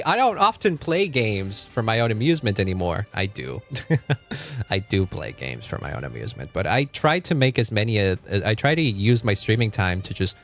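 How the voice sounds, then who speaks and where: A young man streaming a game from home, chatting casually, swearing freely and laughing often. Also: mid-range voice. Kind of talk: casual gaming livestream chat.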